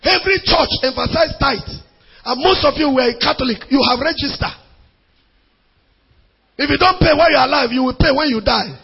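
A man preaching a sermon, shouting in a sing-song cadence. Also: very high-pitched, a little fast, creaky, pauses often. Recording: echoey hall, dull lo-fi sound.

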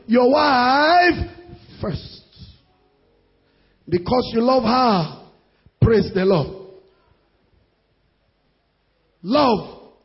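A Nigerian-accented preacher drives his sermon with repeated phrases and sudden shouted bursts. His voice is strikingly high and gravelly with a strained, husky edge. The recording is dull and lo-fi. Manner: emphatic, repetitive, bursts of shouting. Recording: dull lo-fi sound.

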